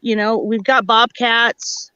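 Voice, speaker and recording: Woman guest on phone, higher pitch, dull dry sound, rambly chat. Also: little pitch movement, slow, bright, forceful tone, clean tone, no room sound. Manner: rambling, searches for words. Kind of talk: casual chat.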